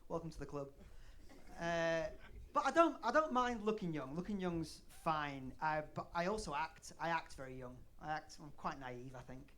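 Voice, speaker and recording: On a comedy club stage, a stand-up comedian in his thirties from northern England banters with the crowd in a sweary, self-deprecating live set. His voice is a little high, sharp and expressive, at normal speed.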